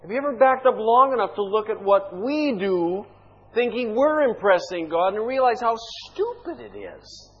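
A man's voice: high-pitched, animated, moderate pace, breathy edge, muffled recording. A male pastor preaching an impassioned sermon, full of rhetorical questions.

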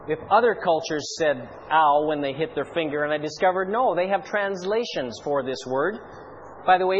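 A man preaching a sermon in an animated, rhetorical way with playful asides. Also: fairly high pitch, muffled recording, a little hiss or hum.

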